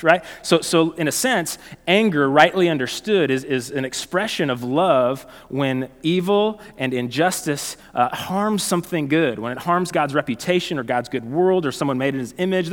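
A male pastor preaching a sermon in a conversational, animated way, telling stories and often restarting phrases. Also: mid-range voice, big-room sound.

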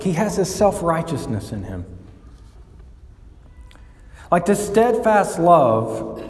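Animated male preacher in an echoey hall. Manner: animated, rising in pitch and volume when building a point. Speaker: pastor. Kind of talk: sermon. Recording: echoey church hall with long reverb.

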